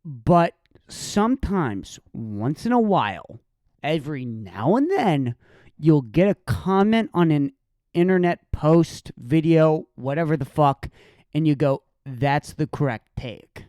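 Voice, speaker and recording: A young man hosting a solo podcast, ranting with profanity and sarcasm, breaking into sudden shouts. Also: fairly high pitch, lively intonation, slow pace, no room sound, clean studio sound. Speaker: podcast host.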